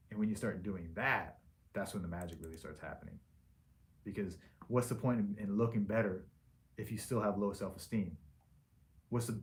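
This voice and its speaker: Plain-spoken male surgeon, low voice, casual question-and-answer tone. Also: a little mellow. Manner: frank, plain-spoken, loose with restarts. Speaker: liposuction surgeon. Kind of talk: casual patient Q&A.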